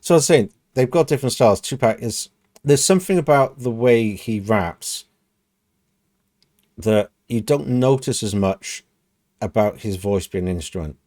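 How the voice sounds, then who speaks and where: A man's voice: medium pitch, expressive, moderate pace, darkish tone, dry recording, studio quality. A man hosting a music reaction video, thinking aloud in a casual, musing way with frequent "kind of" and "you know". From United Kingdom.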